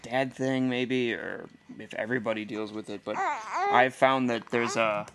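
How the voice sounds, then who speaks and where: A man's voice: mid-range voice, sing-song, a little slow, crowd noise. A man who is a stay-at-home dad and podcast host, talking candidly in a rambling casual monologue and chuckling often.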